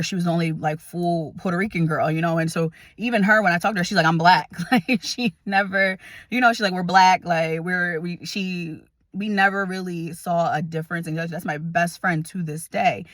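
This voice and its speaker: A woman's voice: on the low side, fairly bright tone, dry recording, clean studio sound. A woman in her thirties from New Jersey telling a personal story in a chatty way, full of fillers, acting out the people she quotes. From New Jersey, USA. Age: 30s. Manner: chatty, many fillers, acts out quoted voices.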